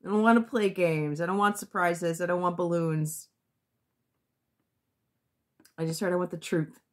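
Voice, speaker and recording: A woman's voice: lowish voice, fairly even intonation, normal speed. A woman giving a casual tarot reading to her viewers, blunt and sometimes profane, thinking aloud and restarting her sentences. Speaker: tarot reader.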